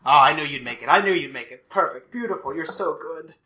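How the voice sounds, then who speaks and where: A man voicing a fawning male schemer who gushes with flattery. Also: a little high, fast. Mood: gushing. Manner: gushing, flattering.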